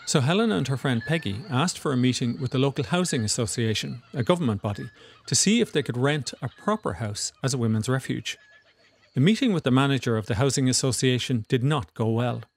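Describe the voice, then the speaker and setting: A man narrating a documentary in a measured, scripted way. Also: medium pitch, lively intonation, a little hiss or hum.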